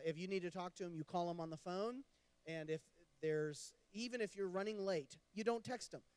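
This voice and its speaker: Smooth-voiced man counseling a class. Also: on the high side, no room sound. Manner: animated storytelling, mock exasperation. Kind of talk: teaching a church marriage class.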